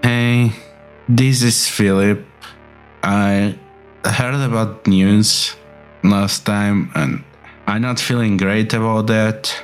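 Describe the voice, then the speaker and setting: A man voicing a scarred male porpoise who swings between grandiose menace and weariness, drawn out and slow. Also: on the low side, steady tone, clear, resonant tone, soft background music. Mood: weary, low. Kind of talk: tabletop game voice acting.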